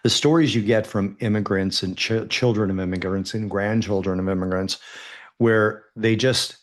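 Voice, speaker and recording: A man, the son of immigrants, guesting on a podcast, telling stories in an animated, jokey way. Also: lowish voice, moderate pace. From United States. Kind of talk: casual podcast conversation.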